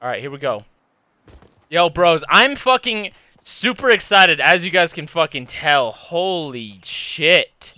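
A young man giving casual, excitable gameplay commentary as a gaming YouTuber, swearing constantly and shouting when hyped. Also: on the high side, slow pace, no echo.

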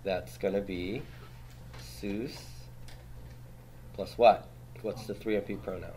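A man with a somewhat low voice lectures a class, walking through grammar rules step by step. He keeps checking in with his students and patiently quizzes them as he goes. A faint hiss sits under the classroom recording. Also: steady tone, takes it slowly, mellow. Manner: quizzes students, tags statements with "right?". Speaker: Hebrew grammar teacher.

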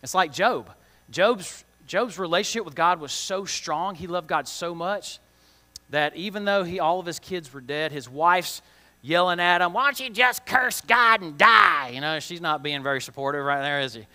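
Male kids' church teacher, chatty and questioning; bright, slightly high voice. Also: normal speed. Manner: chatty, asks kids questions, plain slangy words. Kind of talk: children's Bible lesson. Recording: long reverb of a large hall.

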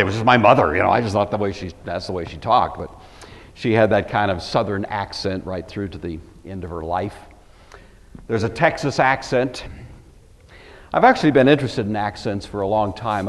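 A man's voice: lowish voice, big-room sound. A man from the Pacific Northwest giving a Bible study lecture, emphatic and wry, with conversational asides. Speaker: Bible teacher.

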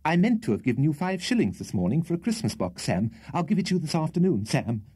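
A man reading an audiobook, voicing a timid, flustered gentleman who talks in hasty, gasping, over-polite bursts. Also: on the high side, big pitch swings, fast talker, breathy edge, voice pushed up. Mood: anxious, fussy. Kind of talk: storybook character voice.

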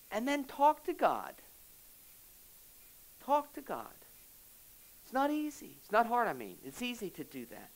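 A man's voice: sits high, fairly bright tone, clear, resonant tone, poor audio. A man preaching a sermon as pastor in a church, talking in an earnest, conversational way with many repetitions. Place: church sanctuary.

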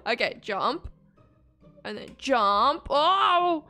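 A woman giving excitable commentary while playing a video game, gasping and squealing at every obstacle. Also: high-pitched, moderate pace, faint music behind. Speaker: gaming video creator. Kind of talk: playthrough commentary.

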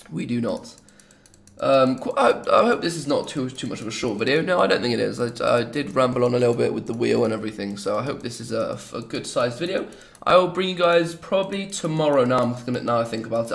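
A man's voice: medium pitch, vocal fry. A young man from England with an English accent, chatting casually and rambling with jokey asides as he hosts a gaming video. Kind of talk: casual gameplay commentary.

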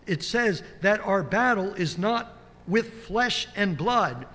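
A man's voice: sits high, a bit bright. A male pastor with an American accent, preaching an earnest, emphatic sermon and quoting scripture in a church sanctuary. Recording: church sanctuary with long reverb.

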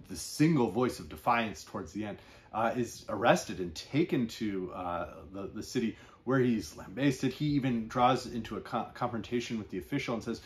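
A man reviewing a novel, talking hesitantly with many fillers and reading long passages aloud. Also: medium pitch. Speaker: book reviewer. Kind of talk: book discussion with read-aloud passages.

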